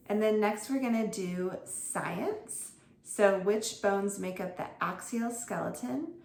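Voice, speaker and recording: A woman who tutors homeschoolers walks other teachers through her lesson plans, chatty and informal, full of fillers and self-corrections. Her medium-pitched voice is slow and a little mellow, heard in a roomy echo with faint ambience.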